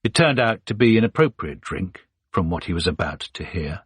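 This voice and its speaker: Husky, low-voiced male audiobook narrator. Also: no room sound. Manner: steady, measured storytelling.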